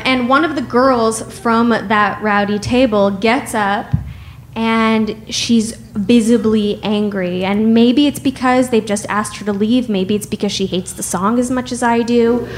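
Woman storyteller, unhurried wry delivery, fairly high voice, faint background noise. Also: steady tone. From United States. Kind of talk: personal storytelling.

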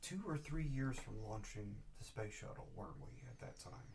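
A man co-hosting a podcast in casual chat, chiming in with quick reactions and asides. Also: fairly low pitch, expressive, a crowd in the background. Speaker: podcast co-host.

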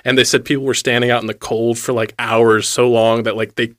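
A man with a bright, forceful voice chats about entertainment news as a co-host. His talk is loose and easygoing, full of "like" fillers and quick restarts. He sits at a mid pitch for a man. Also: flat delivery. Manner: chatty, lots of "like" fillers and restarts. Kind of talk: casual entertainment news chat.

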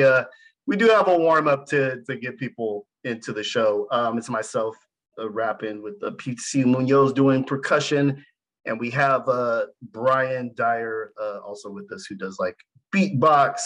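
A man's voice: medium pitch, unhurried, a bit bright. Laid-back man in loose chat. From San Jose, California. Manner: loose, laid-back, swears casually, many fillers. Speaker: podcast co-host and rapper. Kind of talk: casual chat.

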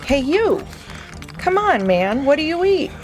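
A woman voicing an excitable, stretchy-armed male bunny sidekick who hollers and exclaims. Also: mid-range voice, slow pace, vocal fry, music in the background, full character voice. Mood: hollering.

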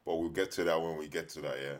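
A man's voice: extremely low pitch, fairly even intonation, fast. A man, co-hosting a podcast, joking and presenting a list in playful slang. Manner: playful, slangy, self-mocking. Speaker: podcast co-host. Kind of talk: casual chat.

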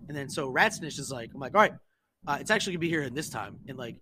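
A man's voice: mid-range voice, very fast, a little hiss or hum. A man telling a long story to friends on a podcast, swearing freely and acting out the messages he quotes. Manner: profane, animated, acts out quoted texts. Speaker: podcast co-host. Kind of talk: casual storytelling among friends.

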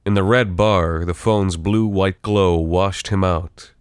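Deep-voiced man narrating a story. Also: fairly even intonation, takes it slowly, clear, resonant tone, dry recording, clean studio sound. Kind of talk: scripted fiction narration.

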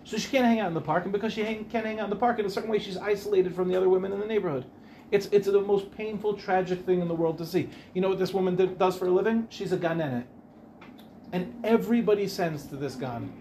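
A man's voice: high-pitched, fast, mellow, a little hiss or hum. A man, a rabbi, giving an informal Torah class, chatty and rambling, often breaking off to ask the audience questions. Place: Ramat Beit Shemesh.

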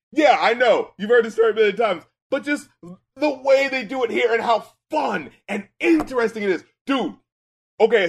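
A man with a high-pitched voice co-hosts a casual podcast about hip-hop. He swears constantly and talks in bursts, dropping low and quiet before shouting with excitement. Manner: excitable and profane, swings from mumbling to shouting. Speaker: podcast co-host, music critic and rapper.

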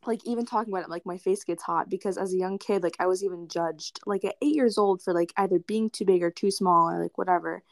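A woman's voice: lowish voice, fairly even intonation, fast talker, few pauses, dry recording, clean studio sound. A young woman guest on a casual podcast, speaking candidly and earnestly with many fillers.

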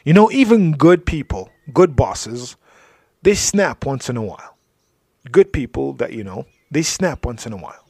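A man's voice: mid-range voice, very animated, moderate pace, slightly rough, no echo. A man giving a religious talk, telling stories in a conversational way with frequent asides. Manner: storytelling, drops to soft asides, frequent "you know". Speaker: Islamic speaker.

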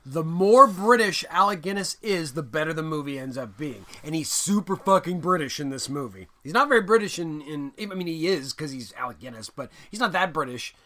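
Young male co-host, high-ish lively voice, jokey and profane. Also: fairly quick, few pauses. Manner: animated and jokey, swearing and breaking into bits. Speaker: podcast co-host. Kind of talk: casual film discussion podcast.

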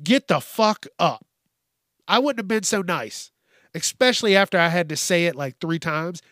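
A man's voice: high-pitched, moderate pace, sharp tone, no room sound, studio quality. A man hosting a podcast, ranting bluntly and swearing often in a casual monologue. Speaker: podcast host.

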